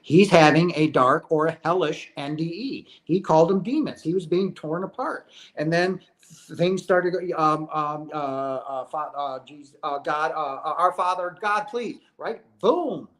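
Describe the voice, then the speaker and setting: A middle-aged man with a somewhat high voice hosts a question-and-answer session in a casual spiritual talk. He speaks earnestly and emphatically, often tagging his points with "right?". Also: a little slow. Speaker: host answering viewer questions.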